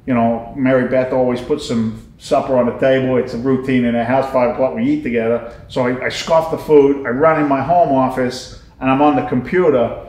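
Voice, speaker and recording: A middle-aged man in a casual interview, an animated, slangy storyteller. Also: mid-range voice. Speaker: guest, business owner. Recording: echoey room.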